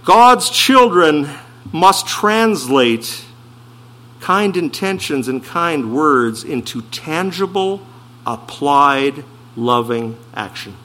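Emphatic preacher with a bright, forceful voice. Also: male voice, on the high side, lively intonation. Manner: emphatic preaching with slowed, stressed phrases and rhetorical questions. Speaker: pastor. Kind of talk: sermon.

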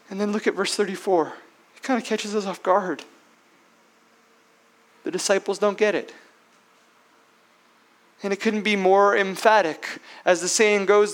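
A high-pitched man preaches a sermon as a pastor, emphatic and full of rhetorical questions. He swings between loud declarations and hushed passages.

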